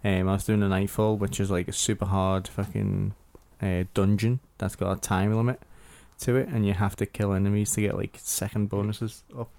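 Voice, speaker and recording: A man's voice: lowish voice, little pitch movement, moderate pace, creaky, hardly any pauses, a little mellow. A man co-hosting a podcast, swearing and mocking in casual banter. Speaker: podcast co-host. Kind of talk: casual chat.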